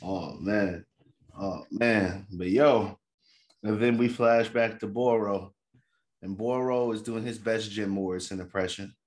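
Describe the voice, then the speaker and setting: Lively young man recapping an anime. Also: fairly low pitch, unhurried. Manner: animated retelling, acting out characters' lines. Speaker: anime recap podcast co-host. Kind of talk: casual anime recap chat.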